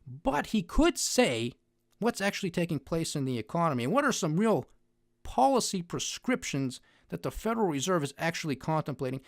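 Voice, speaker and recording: A man's voice: high-pitched, no echo, studio quality. A man giving an opinionated monologue on finance news, sarcastic and mocking, with heavy emphasis.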